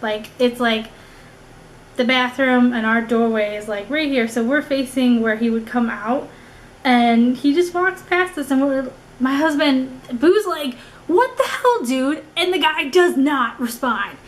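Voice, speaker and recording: A woman's voice: sits high, measured pace, poor audio. A young woman vlogger telling a story at home in a casual, rambling way, full of fillers and restarts. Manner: animated, rambling with many "like"s and restarts.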